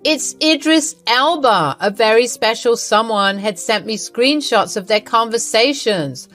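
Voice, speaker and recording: A woman's voice: fairly high pitch, animated, unhurried, a bit bright, faint music behind, pitched above the performer's own voice. A woman voicing a scheming older mother-in-law who gloats smugly. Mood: gloating. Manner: smug, gloating.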